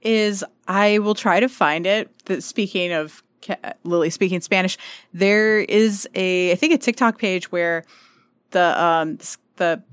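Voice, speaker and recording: A woman co-hosting a podcast chats casually, laughing often and using many fillers. Her voice is on the low side and smooth, with a measured pace, in clean studio sound with no echo.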